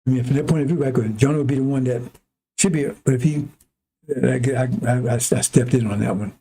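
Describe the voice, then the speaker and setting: Male preacher, rambling and animated, husky and mellow. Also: mid-range voice, a little fast. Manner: animated, acts out arguments with God in a raised voice. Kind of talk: rambling sermon.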